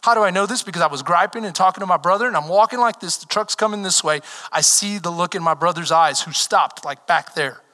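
A man preaching a sermon as pastor, telling stories with animation and building to shouted calls to the congregation. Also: high voice, fast talker, few pauses. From Texas. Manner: animated storytelling, rising to shouted exhortation. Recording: long hall reverb.

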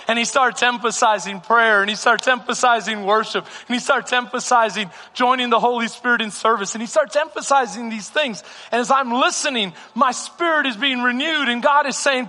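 A man's voice: very high-pitched, normal speed, pushed and bright. A male pastor preaching a sermon with a passionate, repetitive cadence in a church hall. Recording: reverberant hall with music.

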